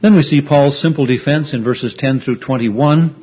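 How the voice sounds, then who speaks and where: A man preaching an earnest, explanatory sermon, pausing often with fillers as he retells a story. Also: mid-range voice, breathy edge. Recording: dull lo-fi recording.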